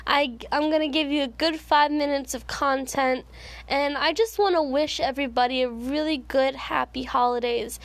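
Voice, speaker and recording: High-voiced woman hosting a chatty podcast. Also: no room sound. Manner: chatty, personal, rambling. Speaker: podcast host. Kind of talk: casual solo podcast chat.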